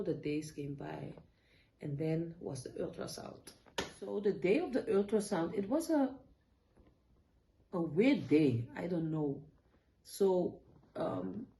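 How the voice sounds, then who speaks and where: A young woman tells a painful personal story in a vlog, halting and tearful, with many fillers and restarts. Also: lowish voice, mellow, poor audio. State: tearful at times. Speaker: vlogger. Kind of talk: emotional personal story time.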